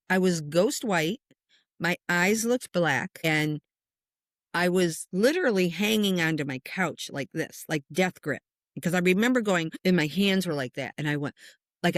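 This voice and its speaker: A woman's voice: fairly low pitch, moderate pace, no echo, studio quality. Chatty woman in her sixties telling a story. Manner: animated storyteller who acts out quoted voices; chatty, with frequent "you know" and "like". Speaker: spiritual medium guest. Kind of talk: casual storytelling interview.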